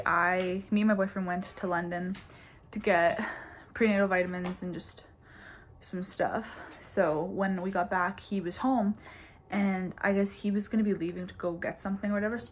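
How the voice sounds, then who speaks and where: A woman's voice: mid-range voice, fairly even intonation, fairly quick, a little hiss or hum. Chatty young woman telling a story. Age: 20s. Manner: chatty, says "like" constantly, laughs between bits. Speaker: vlogger. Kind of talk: casual storytime chat.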